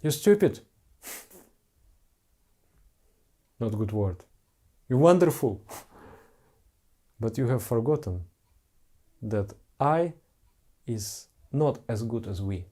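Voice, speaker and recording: A man's voice: fairly low pitch, takes it slowly, pauses often, warm tone. A man who is a spiritual teacher, giving an earnest, heartfelt devotional talk to followers in simple broken English.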